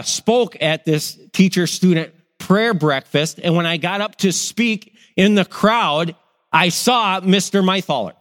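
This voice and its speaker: A middle-aged pastor preaching with a fairly high voice. He is animated and acts out people's reactions as he goes. His voice rings with a long hall reverb. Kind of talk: sermon.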